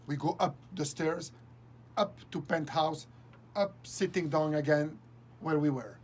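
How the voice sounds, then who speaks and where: A man as an interview guest, telling a story with lots of laughter and halting restarts. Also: a little high, slight background noise. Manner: laughs often, halting restarts, acts out quoted dialogue. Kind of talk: animated storytelling anecdote.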